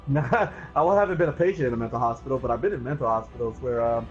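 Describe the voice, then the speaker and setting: A man's voice: mid-range voice, fast. Young man telling wild stories, lo-fi. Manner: animated storyteller, says bro a lot. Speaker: streamer and podcast host. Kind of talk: casual chat, storytelling. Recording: dull lo-fi stream audio. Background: faint music.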